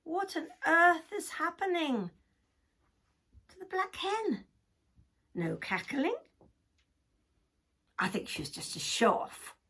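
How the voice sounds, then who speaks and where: Snide mooing cow, gossipy, loud, a woman does her. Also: extremely high pitch, sing-song, slow pace, long pauses, slight background noise, pitched above the performer's own voice, full character voice. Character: gossiping judgmental farm cow.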